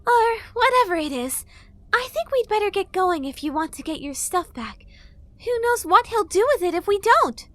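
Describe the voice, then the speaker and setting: Woman doing a high, stammering fairy girl. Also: big pitch swings, moderate pace, sharp tone, dry recording, exaggerated voice. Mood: pushy, flustered. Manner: stammering, sarcastic, wheedling. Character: pushy, flustered young female fairy. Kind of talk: audiobook character voice.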